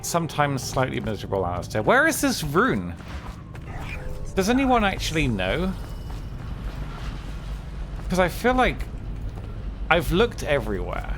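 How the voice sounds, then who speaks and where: A man live-streaming a game, chatting casually in a candid, low-key, downbeat way. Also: huge pitch swings, measured pace, pauses often. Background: game music.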